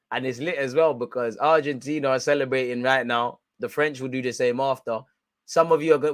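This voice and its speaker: A man's voice: mid-range voice, moderate pace, no room sound. Ranting man, dry sound. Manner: loud, gleeful ranting with street slang. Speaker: football watch-along streamer. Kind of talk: live football watch-along commentary.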